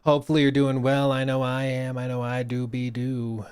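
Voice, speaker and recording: Man, gaming streamer host, casual chat, repeats phrases, slangy, smooth clear voice, dry close sound. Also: mid-range voice, monotone, moderate pace, a little mellow, no echo. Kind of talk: casual live-stream chat and news reading.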